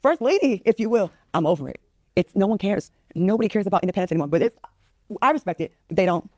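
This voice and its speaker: A woman's voice: medium pitch, lively intonation, fast, darkish tone, dry recording, clean studio sound. A woman in her fifties from Rhode Island, venting in a weary, sarcastic and profane way as a podcast guest. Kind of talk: exasperated comic venting.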